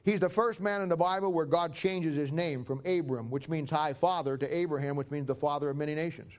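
A man's voice: a little high, a little fast, a little mellow. A man preaching a folksy, conversational sermon and acting out Bible stories.

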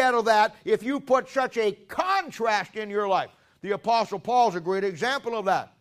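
A man with a strikingly high voice preaches to a congregation. He asks them questions and leans hard into his key lines, rising into near-shouts when he drives a point home. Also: animated, normal speed, few pauses. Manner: emphatic, questions the congregation and builds to loud stresses. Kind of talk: sermon.

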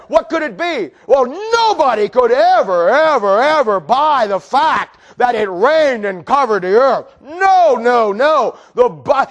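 High-pitched male preacher, sarcastic and fiery, shouts for emphasis. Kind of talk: sermon.

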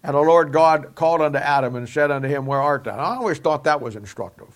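A man's voice: on the high side, animated, fast. A man teaching a Bible lesson in a folksy, conversational preaching style, asking his listeners rhetorical questions.

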